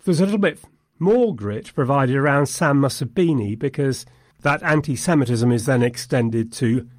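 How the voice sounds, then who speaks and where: A man talking through a film in a thoughtful, measured way, with dry humour. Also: medium pitch, no echo. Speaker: podcast film reviewer. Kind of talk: conversational film discussion.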